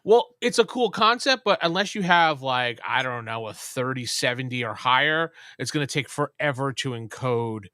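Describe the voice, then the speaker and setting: Laid-back male stream host, bright voice. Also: medium pitch, animated, normal speed, few pauses, no echo, studio quality. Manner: laid-back, trailing off with ums. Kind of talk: casual live stream chat.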